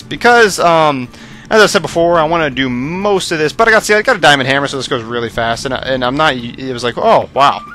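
A young man giving casual, rambling commentary over a video game, his voice strained and worn out, bursting into excited shouts. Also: mid-range voice. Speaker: gaming commentator.

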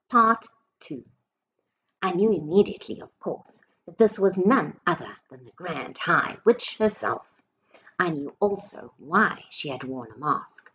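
A woman, possibly a teacher, reading a storybook aloud to children slowly and expressively, with dramatic emphasis. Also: low-pitched, dull audio, slight background noise.

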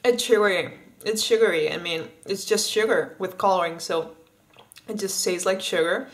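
A woman's voice: mid-range voice, normal speed, rough recording. A woman from Spain in a casual vlog, chatting and eating as she tries candy, often restarting her words. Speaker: vlogger.

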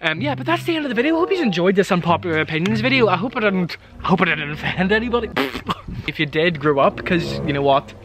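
A man's voice: sits high, expressive, fast talker. Jokey young guy ranting. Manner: playful, jokey, exaggerated rants. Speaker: vlogger. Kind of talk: casual reaction vlog. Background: background music.

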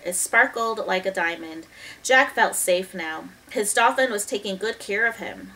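A woman reading a children's chapter book aloud in a lively, expressive way, stopping now and then to talk about the pictures. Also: on the low side, far from the mic, low-quality recording. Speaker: storybook reader.

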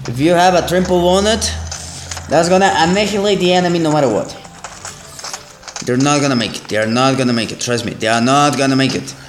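A man giving excitable let's play commentary as a gaming channel host, exclaiming and repeating himself. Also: on the high side, fairly quick, faint music behind. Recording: roomy echo.

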